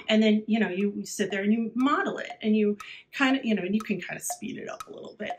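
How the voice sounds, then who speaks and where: A woman who teaches, talking casually through classroom tips with many fillers, often dropping to a quiet voice. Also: mid-range voice, fast, soft background music. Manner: chatty, many fillers, drops to a quiet, hushed voice at times. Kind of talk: casual instructional talk.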